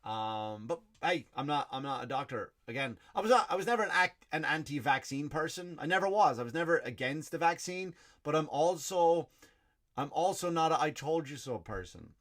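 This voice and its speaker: Profane, ranting Irish comedian. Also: male voice, on the high side, expressive, normal speed, fairly bright tone. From Ireland. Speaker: comedian podcast host. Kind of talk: stand-up style comic rant.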